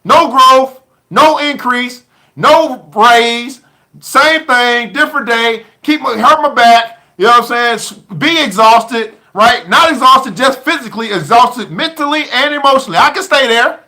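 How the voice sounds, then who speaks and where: High, bright-voiced male host. Preachy book club talk, folksy slang, repeats lines for emphasis. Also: unhurried. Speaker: live stream host reading a book aloud. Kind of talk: live stream book club talk with commentary.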